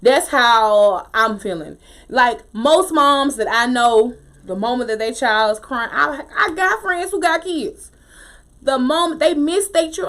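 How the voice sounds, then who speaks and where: A woman casually recapping a TV episode, opinionated and animated, with slangy talk and frequent laughter. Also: high voice, unhurried. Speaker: TV show recap host.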